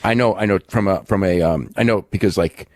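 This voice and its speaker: A very low-voiced man co-hosting a wrestling podcast, thinking out loud in a loose, rambling way. He stops and restarts his sentences often and leans on fillers. The sound is dry and close, with no room around it. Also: a little fast, dry recording. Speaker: podcast co-host. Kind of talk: casual wrestling recap chat.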